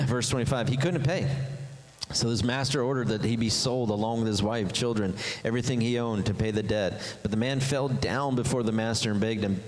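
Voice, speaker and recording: A man preaching a sermon as pastor, animated, jumping his pitch up high to act out voices. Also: brisk. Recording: long hall reverb.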